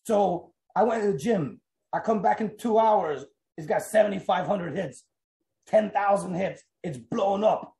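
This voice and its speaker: An American man from South Florida, telling stories as an interview guest in a casual, animated way and acting out conversations. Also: sits high, measured pace, vocal fry, echoey room. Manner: animated, acts out quoted exchanges. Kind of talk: casual storytelling.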